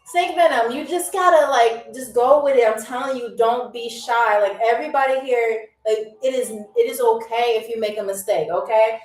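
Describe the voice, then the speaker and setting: Upbeat high-voiced woman game host. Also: moderate pace, hardly any pauses, darkish tone. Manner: encouraging, chatty, keeps checking in with "okay?" and "all right?". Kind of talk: live-stream hosting, reading viewer comments. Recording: roomy sound from a distance with faint music.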